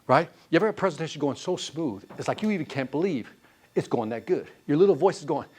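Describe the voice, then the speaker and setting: A man leading a live sales training class, quizzing the room with quick questions and answers. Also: on the high side, breathy edge. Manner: animated, quizzing the class with call-and-response questions.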